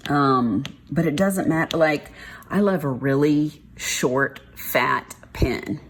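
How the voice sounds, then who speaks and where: Low, slow-talking Texan woman, casual and blunt craft vlogger. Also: a little hiss or hum. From Texas. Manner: rambling, frank, uses y'all and mild swearing. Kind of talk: casual chat while diamond painting.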